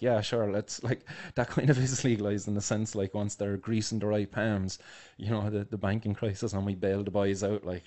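A young man hosting a podcast, giving casual, sarcastic commentary in a halting way with many fillers and restarts. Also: fairly low pitch, darkish tone. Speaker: podcast host.

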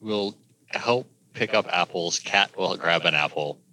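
Male player, low and bright, dry delivery. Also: measured pace, poor audio. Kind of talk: tabletop game play.

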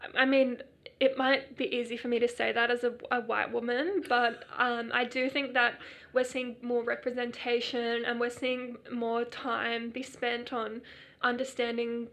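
A woman's voice: on the high side, level tone, unhurried, fairly bright tone. A woman co-hosting a podcast in casual chat, talking with many fillers and laughing often. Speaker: podcast co-host.

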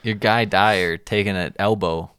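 Low, smooth-voiced man talking football. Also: unhurried, no echo, clean studio sound. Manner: relaxed, rambling, laughs often. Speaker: podcast co-host. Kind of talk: casual sports chat.

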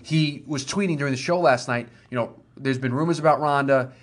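A man co-hosting a podcast, talking fast and emphatically in casual chat and building to a rant. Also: mid-range voice. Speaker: podcast co-host. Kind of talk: casual wrestling talk.

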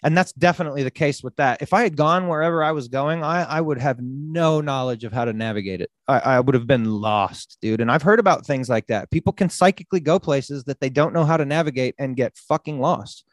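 A man hosting a podcast, telling a story with lots of swearing and loud acted-out quotes. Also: medium pitch, brisk, hardly any pauses, dry recording. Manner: animated, swearing, acts out quotes loudly. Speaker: podcast host. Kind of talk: casual storytelling.

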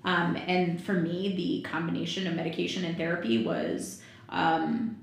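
A woman's voice: on the low side, fairly even intonation, moderate pace, vocal fry. A woman in her thirties, a podcast guest telling a personal story frankly, swearing freely and laughing often. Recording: very echoey room, faint noise.

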